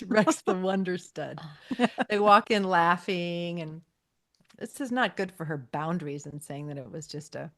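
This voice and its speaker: A woman's voice: on the low side, normal speed. A woman podcast co-host casually recapping a TV episode, acting out the characters' lines as she retells scenes. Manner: animated retelling, acting out dialogue.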